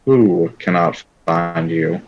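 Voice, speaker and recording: A man's voice: low voice, takes it slowly, highs cut off. A man playing a tabletop role-playing game, speaking hesitantly with frequent restarts as he plays his character. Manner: hesitant, rambling, full of restarts. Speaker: player. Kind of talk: casual tabletop role-play.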